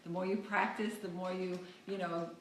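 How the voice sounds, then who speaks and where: A woman's voice: on the low side, flat delivery, echoey room, slight background noise, poor audio. A woman, a shop owner, talking up her event in a casual interview, upbeat and enthusiastic. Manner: upbeat, enthusiastic, quick laughs. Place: cake supply store.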